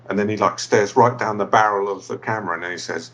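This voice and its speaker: A man with a low, husky voice co-hosts a comedy podcast. He talks in an easygoing, hesitant way that drifts into asides. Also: fast talker, hardly any pauses, fairly bright tone. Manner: laid-back, hesitant, trailing asides. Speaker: podcast co-host. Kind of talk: casual comedic chat.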